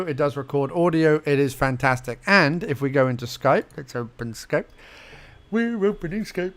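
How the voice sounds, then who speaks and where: A fairly high-pitched young man talks through a casual software tutorial. He chats playfully, mutters to himself as he clicks around, and jumps to mock surprise at what he finds. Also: smooth. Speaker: podcast host giving a tutorial. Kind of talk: casual screen-recorded tutorial.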